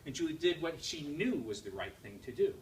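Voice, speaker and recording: A man gives a motivational talk to a live audience, his voice rising and falling in wide swings as he tells his story. He sits a fair way from the microphone, so he sounds distant, with a faint hum of room noise under him. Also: a little high. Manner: animated storytelling with quick laughs and emphatic repeats. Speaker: guest speaker.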